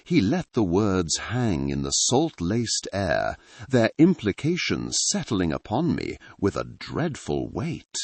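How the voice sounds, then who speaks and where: Slow, husky male narrator. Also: deep voice, huge pitch swings, dry recording. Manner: measured, literary storytelling. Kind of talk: scripted narration.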